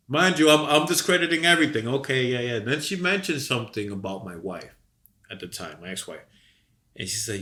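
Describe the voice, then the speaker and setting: A man co-hosting a podcast, telling a long story in a rambling, profane, animated way while coming down with a cold. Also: medium pitch, normal speed. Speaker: podcast co-host. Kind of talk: casual storytelling chat.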